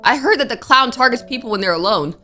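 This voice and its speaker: A woman's voice: a little high, expressive, fast, sharp tone, soft background music. A woman streamer playing a horror game, talking to herself in nervous, jumpy commentary. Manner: jumpy, talks to herself, scared exclamations. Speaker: gaming streamer. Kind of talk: let's play commentary.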